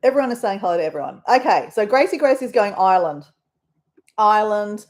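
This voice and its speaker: A woman's voice: medium pitch, sing-song, racing, darkish tone. An Australian woman hosting a casual live stream, chatting in a rambling way with her viewers. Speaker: livestream host.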